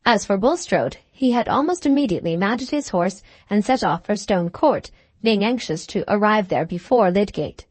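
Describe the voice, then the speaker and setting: A woman's voice: mid-range voice, lively intonation, moderate pace, darkish tone, dry recording. Woman narrating a classic novel. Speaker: audiobook narrator. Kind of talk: scripted narration.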